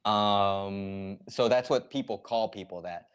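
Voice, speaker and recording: A man's voice: fairly low pitch, slow pace, smooth. A man streaming live, chatting casually and explaining slang words step by step with lots of fillers.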